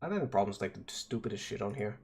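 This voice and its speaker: A man's voice: lowish voice, lively intonation, quick pace, darkish tone, faint music behind. A man on a casual stream, muttering and swearing at his code as he debugs, then explaining it step by step. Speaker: vtuber streamer. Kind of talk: casual coding stream talk.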